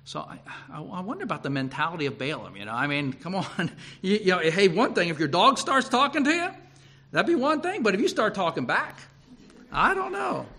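Male preacher, storytelling sermon, high lively voice that swings up and down. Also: a little fast. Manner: animated, repeats himself and restarts, chuckles.

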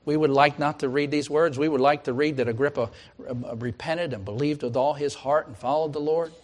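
A man preaching a sermon, swinging from loud emphatic declarations to hushed, almost whispered appeals, repeating his questions for effect. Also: a little high, steady tone, fairly quick. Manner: repetitive pleading questions.

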